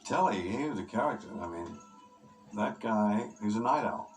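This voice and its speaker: A man tells anecdotes from a film set in a relaxed, easygoing way. His voice sits fairly low. Music runs clearly beneath him. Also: moderate pace, poor audio. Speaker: lead actor recalling the film. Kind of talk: interview recollection.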